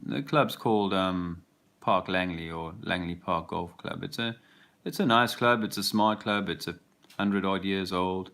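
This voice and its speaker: Brief: low, gravelly male vlogger, rambling and hesitant, walking outside. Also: measured pace, fairly bright tone. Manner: rambling, hesitant, full of fillers. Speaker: father, vlogger. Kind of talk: reflective walking vlog. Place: outdoors, walking a park path.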